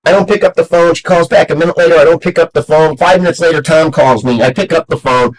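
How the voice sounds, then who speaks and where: A man's voice: on the high side, fast, poor audio. A man telling a story in a casual chat, acting out the dialogue as he goes. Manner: animated anecdote with acted-out dialogue. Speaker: show regular telling a story.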